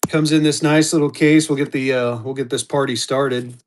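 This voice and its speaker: There's slight background noise as a man with a medium-pitched, fairly even voice hosts a live online auction at a normal speed. Chatty and rambling, he restarts sentences and speaks directly to viewers by name.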